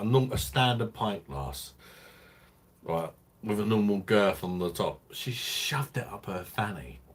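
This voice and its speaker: Deep husky man, crude and rambling. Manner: crude, rambling and laughing often. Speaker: beer reviewer hosting a live stream. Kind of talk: casual live-stream chat.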